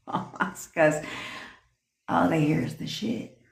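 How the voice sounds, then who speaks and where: A woman's voice: sits low, slow pace, gravelly. A woman coaching manifestation in a livestream rant, blunt and full of swearing as she lectures her viewers. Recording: roomy echo.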